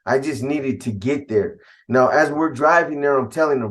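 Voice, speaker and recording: A middle-aged man from California telling a story from his past in blunt, profane street talk, getting animated when he quotes himself. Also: medium pitch, normal speed. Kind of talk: casual spoken storytelling.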